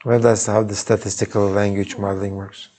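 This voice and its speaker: A Turkish-accented man lectures at a university in an easygoing way, captured live in a lecture hall. His voice is on the low side, slightly mellow and level in tone, and he moves at a brisk pace. Restarts and casual check-ins with students run throughout.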